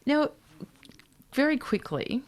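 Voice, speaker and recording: A woman's voice: high voice, very animated, slow pace. A woman hosting an interview, asking pointed follow-up questions. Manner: engaged, pushes back with questions. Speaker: interview host. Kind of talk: casual interview.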